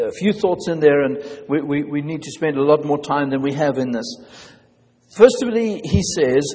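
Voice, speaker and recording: A man's voice: a little high, a little mellow, long reverb tail. A man preaching a sermon as pastor, earnest, often restarting his phrases. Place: church.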